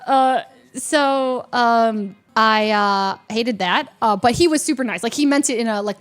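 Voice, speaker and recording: Animated woman telling a story on stream. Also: on the high side, clean tone. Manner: animated, fast, laughing, many restarts.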